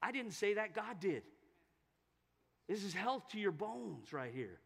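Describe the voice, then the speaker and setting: Man, pastor, sermon, high voice, emphatic, fervent, church sanctuary, long hall reverb. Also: big pitch swings, a little slow, creaky, slightly rough. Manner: emphatic, rising to loud fervent preaching.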